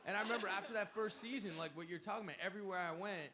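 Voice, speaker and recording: A man's voice: sits high, rapid-fire, hardly any pauses, sharp tone. A man answering fan questions at a convention panel, rambling, stammering and swearing casually. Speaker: guest actor at convention panel. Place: large convention hall. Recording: long reverb of a big hall.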